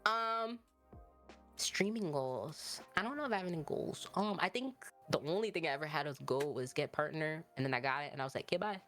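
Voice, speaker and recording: A woman's voice: deep voice, expressive, fairly quick, a bit bright, faint music behind. A woman guest streamer chatting casually in an interview, rambling and giggly with lots of likes and ums.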